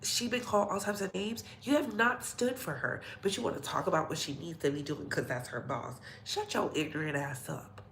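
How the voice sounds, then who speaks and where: A woman's voice: fairly low pitch, animated, brisk, hardly any pauses, fairly bright tone, slight background noise. A woman vlogger ranting bluntly and profanely in heated commentary, in an echoey room.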